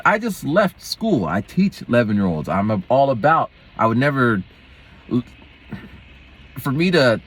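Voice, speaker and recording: A man with a husky, slightly raspy voice telling a story in a casual vlog. His pitch swings widely as he rambles and hops from one thought to the next, the way a teacher chats off the clock. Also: sing-song, moderate pace, fairly bright tone. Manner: rambling, digressive, jumps between topics. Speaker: schoolteacher and vlogger.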